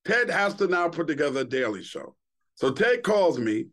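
A man's voice: a little high, normal speed. A middle-aged man, a podcast guest telling casual, profane stories and acting out the quotes. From Queens, New York. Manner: animated, profane, acts out quotes. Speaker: podcast guest, former TV host. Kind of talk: casual storytelling chat.

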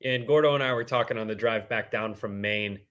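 A man's voice: on the low side, a little fast, fairly bright tone. Man, podcast co-host, casual sports chat, dry self-mocking jokes.

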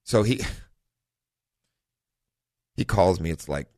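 A middle-aged man hosting a car talk radio show in a studio, relaxed and rambling, often correcting himself. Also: low-pitched, slow pace, no echo. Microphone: studio microphone.

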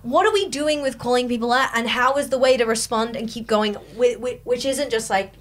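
Inquisitive woman co-host, higher pitch, chatty and probing. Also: brisk. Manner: curious, probing questions. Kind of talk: casual podcast chat.

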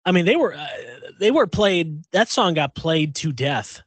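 A man's voice: on the high side, sing-song, a little slow, dry recording. Rambling middle-aged male co-host, dry mic. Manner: rambling, with many restarts and acted-out quotes. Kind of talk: casual radio show chat.

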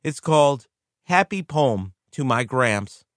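A man's voice: medium pitch, expressive, slow, no room sound, studio quality. A man voicing an earnest, eager blind little girl who dictates a heartfelt letter to her grandfather.

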